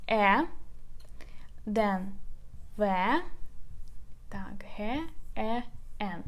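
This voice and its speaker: A woman with a Ukrainian accent teaching a language lesson, speaking slowly and patiently, repeating words for learners at a whiteboard. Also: on the high side. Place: classroom with a whiteboard.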